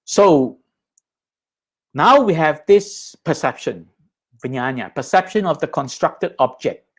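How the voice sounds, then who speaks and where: A man's voice: fairly high pitch, expressive, takes it slowly, slightly rough. A man giving a Buddhist Dharma lecture over slides, explaining patiently and often checking in with his listeners.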